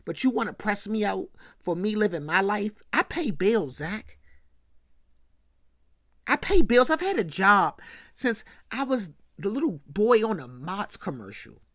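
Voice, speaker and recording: A woman's voice: medium pitch, big pitch swings, normal speed, fairly bright tone, no room sound, clean studio sound. A woman voicing a cocky young male actor who defends his partying in a smug, dismissive way. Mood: defensive.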